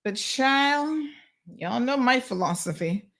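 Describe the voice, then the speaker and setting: A woman's voice: fairly high pitch, lively intonation, slow, a bit bright. Caymanian woman, talk show host, casual chatty delivery, exasperated storyteller. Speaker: talk show host reading listener comments. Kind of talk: casual call-in show chat.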